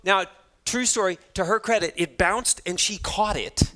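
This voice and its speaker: A man giving a motivational talk to students, telling stories in an animated way and acting out the dialogue with self-deprecating humor. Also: high voice, moderate pace. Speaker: motivational speaker. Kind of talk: storytelling keynote talk to students.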